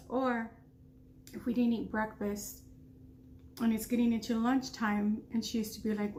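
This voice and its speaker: Woman, 30s, casual eating vlogger, slightly high voice, faint hum under the recording. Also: little pitch movement, moderate pace, long pauses, dark tone. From United States. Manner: chatty, eating while talking, with food in her mouth. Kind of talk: casual mukbang storytelling.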